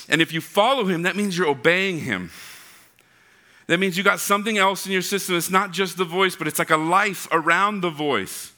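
Lively, bright-voiced male preacher. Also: sits high. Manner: animated, acts out voices in anecdotes. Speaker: pastor. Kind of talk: sermon with humorous stories.

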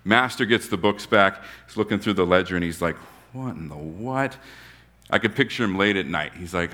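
A male pastor with a lowish, bright and forceful voice tells a parable in relaxed, everyday language. He voices the characters as he goes and at times sinks almost to a whisper. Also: normal speed, long pauses. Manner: casual storytelling with voiced characters, drops to a near-whisper at times. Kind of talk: sermon.

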